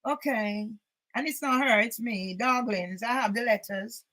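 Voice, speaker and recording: Indignant older woman, high voice. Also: a little slow, low-quality recording. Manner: indignant, often bursts into shouting. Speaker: channel host. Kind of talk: reading documents aloud with angry comments.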